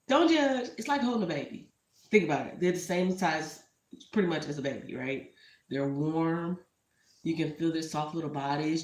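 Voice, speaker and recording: A woman talking casually to the camera as a vlogger. She is heartfelt and a little emotional, and she keeps drifting into asides. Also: deep voice. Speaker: entrepreneur vlogger. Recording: roomy echo.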